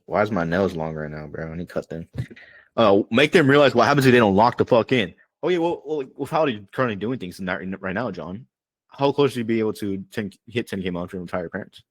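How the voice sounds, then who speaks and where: A man talks fast and loose as a sales coach on a video call, with a slightly low voice. His speech is slangy and profane, stuffed with "like" and "bro." The sound is dry and close. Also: dry recording. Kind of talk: casual online training call.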